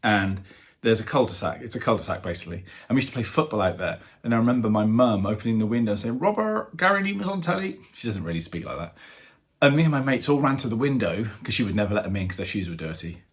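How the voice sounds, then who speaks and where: A man in his fifties, a drummer hosting his own channel, telling a story with animated fan excitement and lots of fillers. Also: fairly low pitch, quick pace. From England. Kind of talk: casual storytelling to camera.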